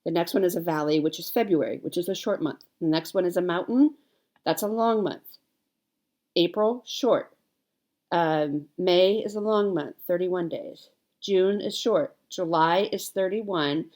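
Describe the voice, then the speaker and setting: Her voice is on the low side, a little mellow, and measured in pace. A woman in her forties, she vlogs about cross-stitch, talking casually to viewers and correcting herself amid plenty of fillers.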